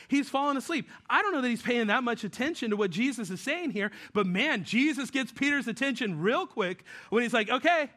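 A man from New Mexico preaches a sermon like he is chatting with friends, cracking jokes and slipping into voices for the people he quotes. His voice sits high and sounds bright, and the tone stays easygoing throughout. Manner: conversational and joking, acts out quoted voices. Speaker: pastor. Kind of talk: casual sermon.

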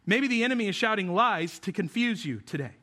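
A man's voice: high voice, animated, fairly quick, bright, forceful tone. A male pastor giving a conversational sermon, often asking the congregation questions. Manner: conversational, asks the audience questions.

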